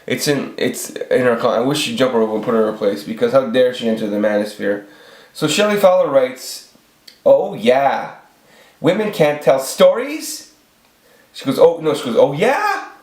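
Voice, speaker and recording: A man's voice: mid-range voice, expressive, normal speed, darkish tone. A man in his forties ranting off the cuff on his video channel, rambling and swearing, with many restarts. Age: 40s. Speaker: channel host. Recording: echoey room.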